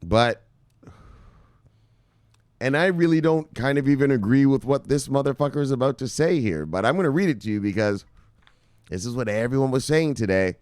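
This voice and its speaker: A man presenting crypto news in casual, profane commentary, rambling and swinging from loud outbursts to muttered asides. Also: medium pitch, expressive, normal speed, long pauses, clear, resonant tone, no echo, clean studio sound.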